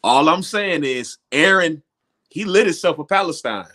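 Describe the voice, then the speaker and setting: A man's voice: a little high, lively intonation, moderate pace, sharp tone. A man on a talk show panel, making wry, pointed remarks in a casual way. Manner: wry, sarcastic asides.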